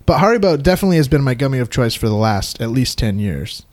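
A man's voice: mid-range voice, big pitch swings, fast, a little mellow. A man co-hosting a podcast in casual, playful chat. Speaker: podcast co-host.

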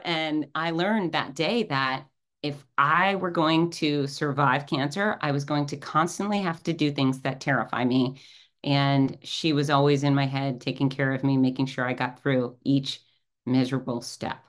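A middle-aged woman with a low voice speaks as an interview guest. She tells her story candidly, blunt and self-deprecating, and keeps a lively drive. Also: normal speed. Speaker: guest, cancer survivor.

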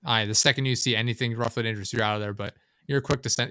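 A man's voice: mid-range voice, fairly even intonation, quick pace, sharp tone, dry recording, clean studio sound. A man hosting a casual talk show, speaking bluntly and rambling, swearing often. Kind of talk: casual chat.

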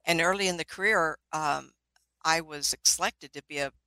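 An older woman with a low-pitched, sharp voice speaks at normal speed on a poor, echo-free recording. A spiritualist minister and ghost investigator, she tells rambling anecdotes in casual conversation, laughing often and restarting her sentences.

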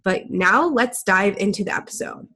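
A woman's voice: medium pitch, expressive, normal speed, bright, forceful tone, husky. A young woman hosts a solo podcast episode, her voice stuffy and nasal from congestion. She talks in a loose, chatty way, wandering through her points with plenty of ums and you-knows. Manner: chatty and rambling, with many fillers. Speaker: podcast host. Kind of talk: casual solo podcast talk.

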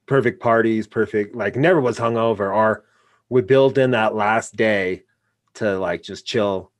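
Male podcast guest, laid-back, slightly low, dry close mic. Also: no echo. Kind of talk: casual chat.

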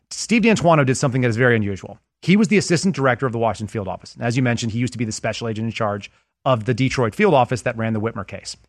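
A man's voice: medium pitch, dry recording, studio quality. A man who is a former federal agent, a guest in a casual interview, explaining things with anecdotes and analogies.

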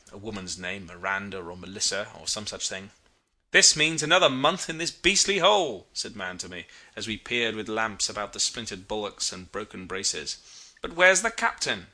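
A man reads a literary story aloud with a very bright, sharp tone. His delivery is expressive and reflective, shifting pitch to bring scenes to life. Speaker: narrator. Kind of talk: audiobook reading of a literary story.

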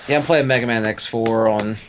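Casual male gamer co-host, low voice, dull slightly muffled mic with faint hiss. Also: brisk. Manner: easygoing, hedging, mild cursing. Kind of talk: casual gaming chat.

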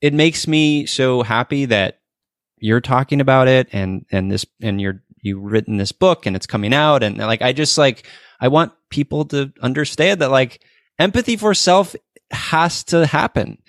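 A man's voice: medium pitch, dry recording. 40ish guy hosting a podcast, earnest, lots of restarts, dry close sound. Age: 40s. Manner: earnest, halting, many restarts and fillers. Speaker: podcast host. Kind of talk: casual conversational interview.

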